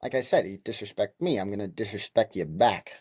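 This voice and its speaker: A man's voice: on the low side, fairly quick, husky, dry recording, studio quality. A young man in his twenties, hosting a podcast and telling a heated, profane story in a casual monologue. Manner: heated, profane, animated retelling. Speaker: podcast host.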